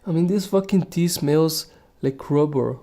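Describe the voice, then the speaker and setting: A man's voice: fairly high pitch, measured pace, dark tone. A young man hosting a solo podcast, rambling casually with lots of swearing, restarts and laughing at himself. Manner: profane, meandering, laughs at himself. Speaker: podcast host.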